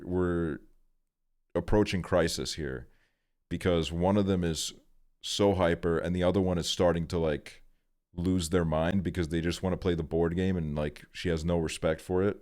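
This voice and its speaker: A young man with a very deep, smooth, clear voice tells a rambling story in a laid-back, casual way. He swears freely as he streams. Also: fairly even intonation, moderate pace, darkish tone.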